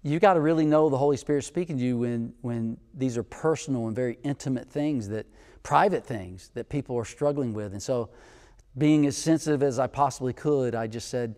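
A man preaching a sermon, telling personal stories, moving from hushed, intimate passages to loud, excited ones. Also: medium pitch, brisk, big-room sound. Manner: storytelling, swings from hushed to loud.

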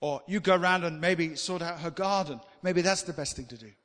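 A man preaching a sermon, animated and swinging between loud emphasis and quiet asides. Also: a little high, a little fast. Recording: long hall reverb.

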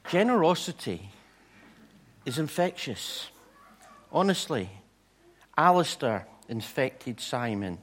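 An animated male preacher weaving a story into his sermon. His voice sits a little high for a man and swings widely, from bright and loud to quiet and hushed. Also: moderate pace.

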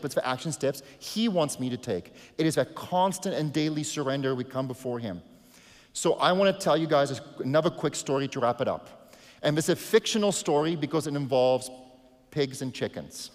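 Earnest male pastor in a reverberant hall. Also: mid-range voice. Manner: earnest, shifts from hushed to emphatic. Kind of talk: sermon.

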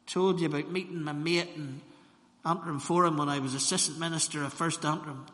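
A man preaching a sermon, pausing for effect and building to loud emphasis. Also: on the high side, fairly even intonation. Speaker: pastor. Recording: long reverb of a large hall.

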